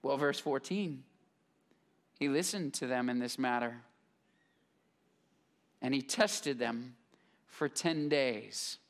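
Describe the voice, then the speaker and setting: Before a live congregation in a church sanctuary, a male pastor delivers a sermon built around a Bible story, his pitch rising and falling widely. He uses casual voices for the characters and reads scripture more slowly and softly.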